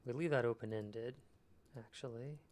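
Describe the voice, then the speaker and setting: A man with a mid-range, slightly mellow voice at normal speed livestreams while working on screenwriting. Chatting casually, he reads viewers' messages aloud and answers them thoughtfully.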